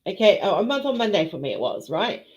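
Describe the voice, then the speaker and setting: A woman's voice: mid-range voice, big pitch swings, quick pace, a little mellow. A woman hosting a casual live chat with viewers, emotional and teary, greeting people by name. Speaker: livestream host. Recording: dull lo-fi stream audio.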